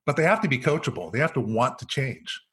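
A man's voice: mid-range voice, sing-song, fast, a bit bright, slight background noise. Middle-aged man telling a story. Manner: storyteller, acts out quoted dialogue. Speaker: executive coach, guest. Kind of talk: podcast interview, telling a story.

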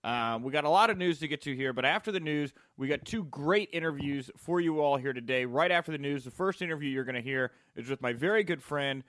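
A young man hosting a podcast in a playful, jokey way, in casual chat. His voice sits fairly high, and it is recorded close and dry. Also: a little fast, few pauses, a bit bright, dry recording. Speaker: podcast host.

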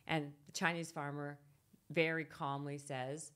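Woman with a low voice telling a story on a podcast, laughs a lot, keeps restarting. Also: level tone, a little slow, a bit bright, smooth. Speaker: podcast guest. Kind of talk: casual storytelling.

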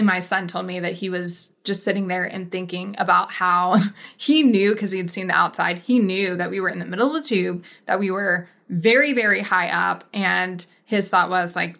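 A woman in her thirties hosting a podcast, telling a story in a casual, animated way and acting out what people said. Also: vocal fry. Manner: animated storyteller, acts out quotes with big pitch jumps. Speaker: podcast host.

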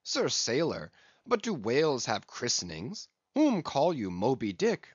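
A man reading aloud, voicing an excitable, courtly male Spanish nobleman who speaks in exclamations. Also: medium pitch, measured pace, slightly rough, no room sound, full character voice. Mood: excited. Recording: dull lo-fi audiobook recording.

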